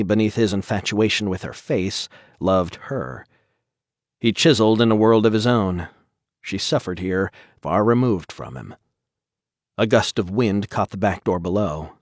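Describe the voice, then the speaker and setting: A man reading a novel aloud as narrator, with measured, even storytelling. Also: on the low side, no room sound, clean studio sound. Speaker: audiobook narrator. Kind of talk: scripted narration.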